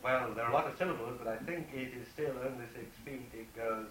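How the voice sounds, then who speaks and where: A man gives a poetry lecture to a class, pausing often with ums and reading lines slowly to stress their beats. He is recorded from a distance in a roomy classroom, with steady noise behind him. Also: mid-range voice. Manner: halting, many ums, reads verse slowly with stressed beats. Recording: echoey room from far off, noisy.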